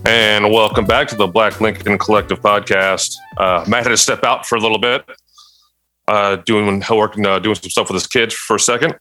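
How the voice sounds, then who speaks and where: A man's voice: lowish voice, steady tone, normal speed, bright, forceful tone, soft background music. A man hosting a casual comedy podcast, introducing segments and playing along with jokes. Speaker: podcast host.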